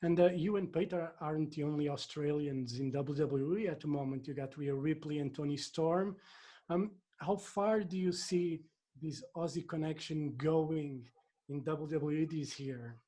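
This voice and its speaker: A man's voice: fairly high pitch, fairly even intonation, normal speed, dark tone. A man interviewing an athlete, asking friendly, playful questions.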